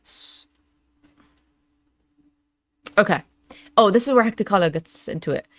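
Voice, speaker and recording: A woman's voice: mid-range voice, animated, brisk, fairly bright tone, no echo. A young adult woman hosting a reaction channel, talking casually with lots of fillers and frequent laughs as she reads out chat messages.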